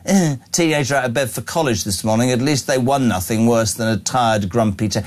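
A man hosting a live breakfast radio show, joking and reading out listener messages. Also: medium pitch. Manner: jokey, brisk, reads out listener messages.

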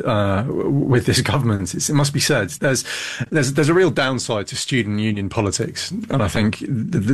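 A man, a think tank fellow, giving blunt, emphatic political commentary as a guest, often restarting his phrases. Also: medium pitch.

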